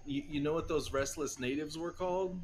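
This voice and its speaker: A man's voice: a little high, fairly quick. A man joking with a live-stream host in casual, teasing banter, laughing often.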